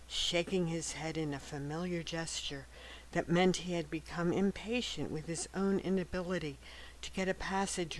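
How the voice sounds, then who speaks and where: A woman narrates a novel in a calm, scripted first-person telling. Her delivery is gentle and even, and sometimes sinks to a near-whisper. Faint music plays underneath. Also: sits low, rough recording. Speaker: audiobook narrator.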